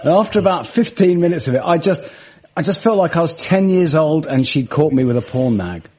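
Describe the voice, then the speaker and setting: A man with a husky voice, telling funny anecdotes in casual chat and laughing mid-sentence. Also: fairly high pitch, lively intonation, brisk, darkish tone. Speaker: guest, comedian and musician.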